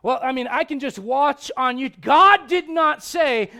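A middle-aged male pastor preaching a sermon in a church, animated and joking, swinging from loud to hushed. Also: very high voice, measured pace.

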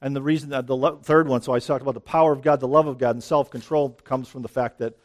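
This man preaches outdoors near dense foliage in a mid-range voice, speaking fast with fairly even intonation. A bit out of breath, he keeps it conversational and constantly asks the crowd "right?"

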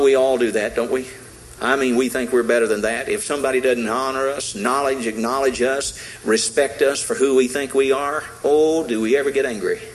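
A man's voice: mid-range voice, slight background noise, poor audio. A man preaching a sermon in a folksy, emphatic way, retelling a Bible story with acted-out quotes and repeated lines.

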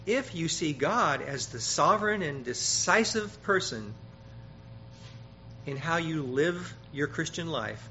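Brief: male preacher, bright slightly high voice, emphatic sermon delivery, dull lo-fi recording with faint hiss. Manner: emphatic, rises loud on quoted scripture, repeats words.

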